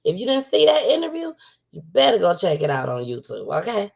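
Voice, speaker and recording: A woman's voice: fairly low pitch, very animated, a little fast, gravelly. Outspoken woman hosting a livestream. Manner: outspoken, emphatic, repeats herself for emphasis. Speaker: livestream talk show host. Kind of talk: casual commentary livestream.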